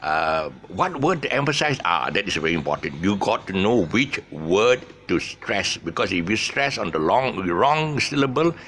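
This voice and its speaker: A man's voice: lowish voice, very animated, moderate pace, hardly any pauses, a bit bright. A man teaching English pronunciation casually, stretching the stressed syllables to demonstrate and restarting his sentences often. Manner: explains with many restarts and fillers. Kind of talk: casual spoken English lesson.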